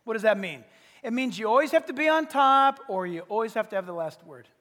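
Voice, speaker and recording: A man preaching with a strikingly high voice that leaps all over the place. His delivery is playful and humorous, full of acted-out little scenes. The sound carries a long, hall-like reverb. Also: expressive, brisk, fairly bright tone. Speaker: pastor. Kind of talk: sermon.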